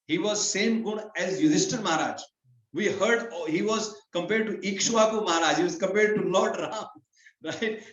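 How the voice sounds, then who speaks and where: A man giving a devotional scripture class, explaining Sanskrit verses phrase by phrase in a lively storytelling way. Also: fairly high pitch. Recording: roomy, slightly dull hall recording.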